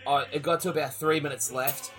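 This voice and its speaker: A young Australian man co-hosting a podcast, telling a story in an excitable, sweary way. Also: fairly high pitch, a little fast, faint music behind. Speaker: podcast co-host. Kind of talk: casual chat.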